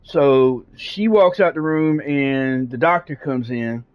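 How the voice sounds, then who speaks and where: A man's voice: medium pitch, slow, clean tone. A man streaming a game who tells a long story in casual talk, rambling with lots of fillers and swearing. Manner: rambling, profane, frequent fillers. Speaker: gaming streamer. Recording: dull lo-fi sound.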